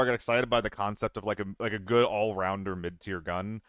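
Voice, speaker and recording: Smooth-voiced young male game streamer. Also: on the low side, fairly even intonation, fast, few pauses, a bit bright, no echo. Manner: chatty, self-deprecating, swears casually. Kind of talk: casual live-stream chat.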